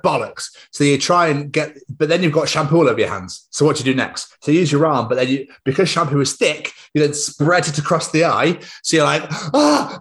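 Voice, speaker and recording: A young man, co-hosting a podcast and telling rambling, animated stories full of swearing. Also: on the high side. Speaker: podcast co-host. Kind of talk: casual chat.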